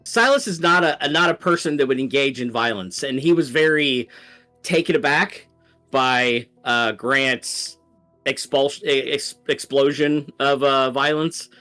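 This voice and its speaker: A man playing a tabletop game, explaining his character in a halting way. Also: mid-range voice, pushed and bright, soft background music. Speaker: player. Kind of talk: tabletop role-play.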